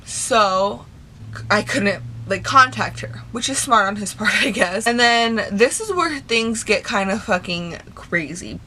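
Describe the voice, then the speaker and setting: A woman's voice: mid-range voice, expressive, a little slow, bright, forceful tone, slight background noise. A young woman vlogger telling a storytime tale in casual chat, swearing a lot and retelling it with animation. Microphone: camera mic.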